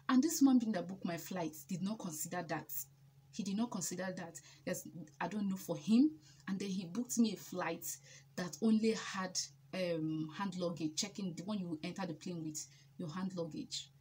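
Animated Nigerian woman telling a story. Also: lowish voice, moderate pace, slightly rough. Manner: emphatic, animated, repeats herself for effect. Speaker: vlogger. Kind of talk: casual storytelling.

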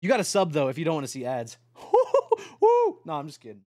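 Excitable young man with a high voice. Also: rapid-fire, no room sound, clean studio sound. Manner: rambling, excitable, swears a lot. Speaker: streamer. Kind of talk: late-night casual stream chat.

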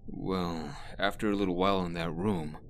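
A man's voice: sits low, fairly even intonation, moderate pace, a little hiss or hum, lightly acted. A man voicing a blunt, swearing teenage delinquent boy in a horror game. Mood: brash.

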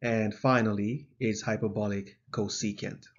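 A man teaching a video lesson, explaining in a measured way with an occasional filler, on a dull lo-fi recording. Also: lowish voice, steady tone. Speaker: math teacher.

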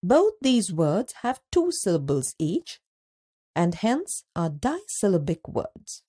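A woman narrating a scripted school lesson, speaking slowly and deliberately and stretching words out syllable by syllable. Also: fairly low pitch, big pitch swings, mellow, breathy edge. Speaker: teacher narrator.

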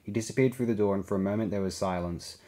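A man reading a science fiction audiobook aloud, giving the characters' lines small shifts in pitch and volume. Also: fast, mellow. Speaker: audiobook reader. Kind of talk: scripted narration.

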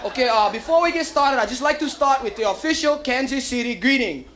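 A stand-up comic with a Hawaiian Pidgin accent plays with the crowd at a comedy club, animated and slipping into put-on voices. He talks a little fast in a very high voice. Audience laughter and hiss fill this live vinyl club recording.

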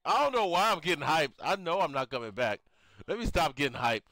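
A young man, giving excited play-by-play commentary on a game he is playing and talking to his viewers. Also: a little high, fairly quick, no echo, clean studio sound. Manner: excitable, reactive, talks to viewers. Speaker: gaming YouTuber. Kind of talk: live gameplay commentary.

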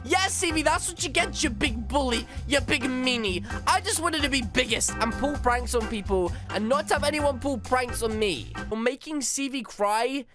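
A man with a strikingly high voice narrates his gameplay in an exaggerated, whiny, theatrical way. Loud game music plays clearly underneath him the whole time. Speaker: gaming YouTuber. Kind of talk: playful game commentary.

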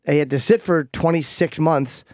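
A man with a slightly high voice hosts a casual radio chat and tells a frank, profane story about his own past. The sound is dry and close, with no room around it. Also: moderate pace, darkish tone, no room sound. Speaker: radio show host.

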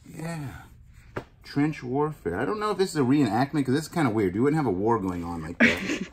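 A man of ordinary pitch chats casually to the camera from inside a storage unit, cracking jokes and thinking out loud as he goes. Faint noise sits behind his voice. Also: big pitch swings, a little fast. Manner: chatty, jokey, thinking out loud. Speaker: vlog host unboxing a storage unit.

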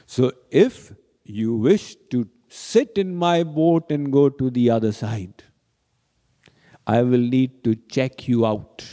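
A man's voice: medium pitch, mellow, natural voice. A man doing a crafty, devoted old-world boatman. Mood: bargaining. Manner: slow, pleading, playfully bargaining. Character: shrewd humble male boatman, devoted and bargaining. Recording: reverberant hall.

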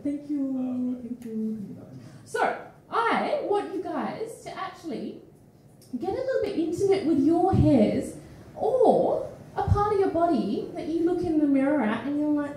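High-voiced Australian woman, echoey room. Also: normal speed, a little hiss or hum. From Perth, Australia. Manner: animated, frank, swears often, laughs mid-sentence. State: tired and phlegmy. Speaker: feature poet. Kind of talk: casual stage banter. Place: small indoor studio venue with live audience. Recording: echoey room, mic from far off.

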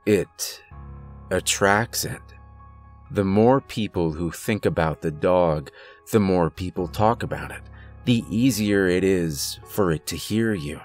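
A man voicing a stern, secretive grandfather who gives grave, hushed warnings. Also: sits low, slow pace, soft background music. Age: older.

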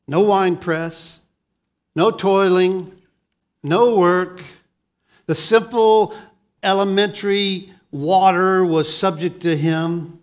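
A male pastor delivers a sermon in a fairly high voice. He drops to a hush for solemn lines and rises to emphatic bursts, often repeating a word as he gets a thought going. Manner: animated preaching, swings from hushed to emphatic; repeats words when starting a thought.

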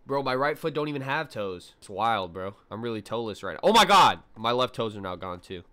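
A man giving let's play commentary to his chat, excitable and full of slangy exclamations as he reacts to the game. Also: mid-range voice, fairly quick, clean tone. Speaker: gaming video creator.

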